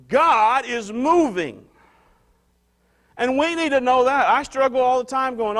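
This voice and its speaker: High-voiced man preaching a conversational sermon. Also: animated, measured pace, long pauses, fairly bright tone. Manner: conversational, restarts and repeats phrases for emphasis. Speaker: pastor.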